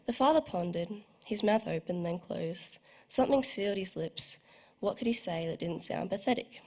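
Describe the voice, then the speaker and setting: A woman's voice: on the low side, expressive, moderate pace, mellow. A young woman reading her own short story aloud at a book launch, careful and evocative, with the odd small slip. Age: young adult. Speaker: student writer reading her work. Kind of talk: literary reading.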